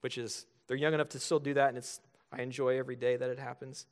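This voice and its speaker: A man's voice: mid-range voice, flat delivery, fast. A man in his thirties preaching a sermon as pastor, earnest and building to emphatic points.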